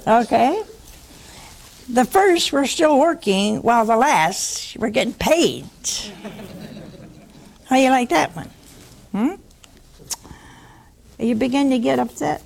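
A woman with a high-pitched voice preaches a sermon slowly, with vocal fry and long pauses. She teases her listeners and brings her stories to life by acting out the people in them, quoting their voices.

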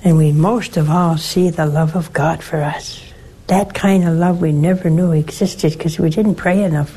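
A woman, a nun hosting a religious call-in show, gently and earnestly counseling a caller. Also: lowish voice, slightly rough.

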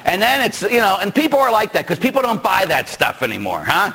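A male Catholic priest giving a sermon in a conversational, joking way, with rhetorical questions and sudden shouted bursts. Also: sits high, huge pitch swings, brisk, creaky, hardly any pauses, breathy edge. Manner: bursts into shouting when acting out stories.

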